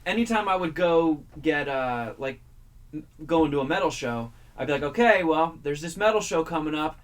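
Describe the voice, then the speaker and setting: A man's voice: on the high side, animated, normal speed. A man who is a regular on a radio talk show, telling a long story in a chatty way, swearing casually and acting out the people he quotes. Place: radio studio.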